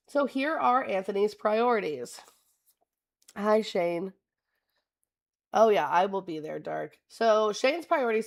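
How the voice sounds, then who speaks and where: A woman's voice: mid-range voice, lively intonation, takes it slowly, creaky, long pauses. A young adult woman hosting a casual political livestream, chatting with viewers, laughing often and reading web pages aloud. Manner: reads candidate web pages aloud to chat.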